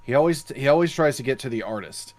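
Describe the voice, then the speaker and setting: A man's voice: medium pitch, expressive, fast. A man co-hosting a casual online panel chat, rambling with frequent restarts and fillers. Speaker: podcast co-host.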